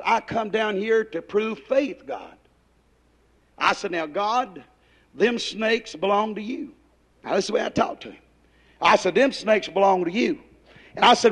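Preacher man, high tenor, folksy revival sermon with shouted climaxes. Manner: rises to shouted emphasis, folksy Southern grammar.

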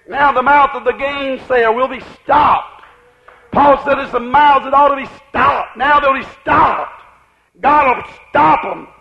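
Man, preacher, very high voice, gravelly, chanting revival sermon, muffled old recording. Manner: shouting, chanting cadence.

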